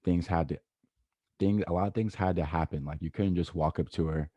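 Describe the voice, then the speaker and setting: A man's voice: sits low, fairly even intonation, fairly quick, warm tone, no room sound, highs cut off. A man hosting a podcast, reacting in a laid-back, slangy way and repeating himself. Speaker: podcast host. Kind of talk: casual chat.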